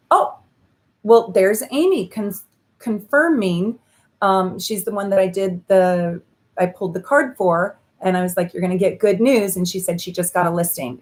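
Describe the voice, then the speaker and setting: A woman astrologer hosting a casual live stream, chatting effusively and pulling tarot cards for viewers. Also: mid-range voice. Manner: bubbly and effusive, with laughs and "um" fillers. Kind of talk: casual live-stream chat with card readings.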